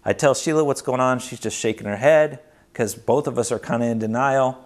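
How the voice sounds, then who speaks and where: A man's voice: mid-range voice, fairly quick. Earnest man telling his own story. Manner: earnest, conversational, vivid retelling. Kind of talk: personal storytelling.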